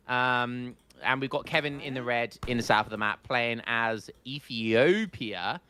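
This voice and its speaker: Lively man casting a game. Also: mid-range voice, unhurried, few pauses, a little hiss or hum. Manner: excitable, joking, stumbling restarts. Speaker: esports caster. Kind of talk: live game commentary.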